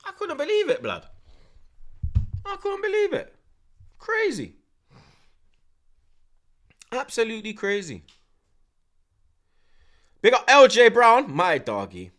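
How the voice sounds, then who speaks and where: Bright, slangy streamer. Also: male voice, very high voice, slow, pauses often. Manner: animated, swears often, heavy slang. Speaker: livestream host. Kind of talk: casual storytelling chat.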